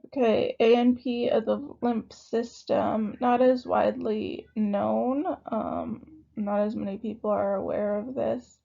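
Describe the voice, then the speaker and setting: A hoarse woman who is losing her voice, giving a recorded lecture in a casual, conversational way. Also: a little high, fairly even intonation, slow pace, mellow. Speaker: instructor. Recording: dull lo-fi recording.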